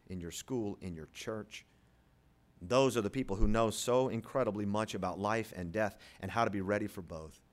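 This male pastor delivers a sermon that swings between loud rhetorical questions and low, quiet stretches. Along the way he performs the voices of imagined listeners.

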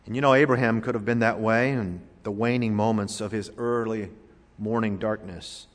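A pastor from Florida preaching a sermon, with emphatic swings between loud declarations and hushed, drawn-out words. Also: male voice, on the low side, steady tone. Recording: long hall reverb.

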